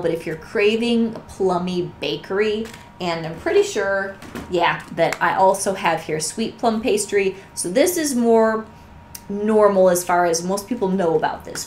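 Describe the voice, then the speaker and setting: A woman gushes in a casual, conversational vlog, her voice strained and hoarse as it gives out. She talks at a middling pitch. The room sounds echoey, with a faint hiss of background noise. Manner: enthusiastic, gushing, conversational. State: losing her voice. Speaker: vlogger reviewing wax melts. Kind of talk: casual show-and-tell chat.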